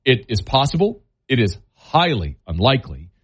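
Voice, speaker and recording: A man's voice: medium pitch, very animated, moderate pace, fairly bright tone, slightly rough. A man hosting a sports radio show, talking bluntly with folksy, scolding opinions. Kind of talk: opinionated sports talk and live-read ads.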